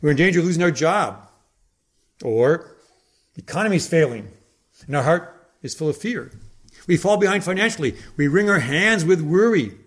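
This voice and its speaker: A man preaching a sermon in a dramatic way, with emphatic pauses and sudden drops to a hush. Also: a little high, lively intonation.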